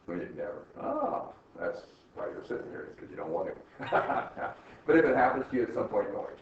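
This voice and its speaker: A man's voice: fairly low pitch, wildly swooping pitch, a little fast. An older man, a college professor, giving a rambling, chatty classroom lecture and laughing at his own stories. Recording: echoey classroom from far off, dull and faintly noisy.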